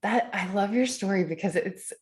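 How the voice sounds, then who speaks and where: A woman's voice: mid-range voice, moderate pace. A woman hosting a podcast interview who affirms her guest and reflects on his story. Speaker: podcast host.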